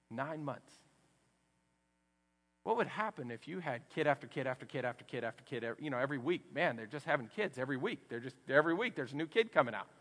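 Texan pastor guy preaching, kinda high voice, goes quiet then loud, big echoey church hall. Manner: dynamic preaching, swings from hushed to loud. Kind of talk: sermon. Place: church sanctuary. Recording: long hall reverb.

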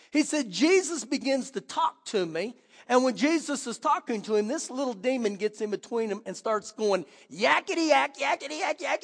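High-voiced preaching man in a reverberant hall. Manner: animated preaching, swings from loud to hushed. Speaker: pastor. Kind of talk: sermon.

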